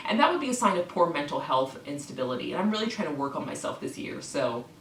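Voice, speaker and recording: A woman's voice: deep voice, very animated, quick pace, recorded from a distance, slight background noise. A woman vlogger in a clown persona, ranting heatedly to the camera with a lot of swearing and words swapped for cl- puns. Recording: echoey room, away from the mic.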